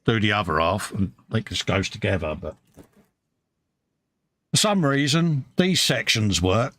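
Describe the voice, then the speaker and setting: A man's voice: lowish voice, lively intonation, measured pace, a bit bright, no room sound. A British man co-hosting a casual live stream from his hobby workbench, chatting and reading viewer comments aloud, calling everyone mate. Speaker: live show co-host.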